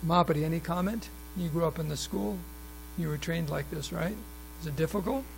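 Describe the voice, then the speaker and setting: The class speaker at a temple, a man, talks a little fast in a creaky voice on the high side. In the temple hall he reads passages aloud, adds asides and audience questions, and often restarts sentences with fillers. The rough recording has a little hiss or hum.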